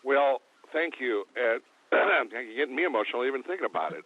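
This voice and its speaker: A man being interviewed as a guest drummer, relaxed and joking, talking with lots of hesitant fillers. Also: medium pitch, fairly quick, vocal fry. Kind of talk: casual interview. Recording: tinny phone line.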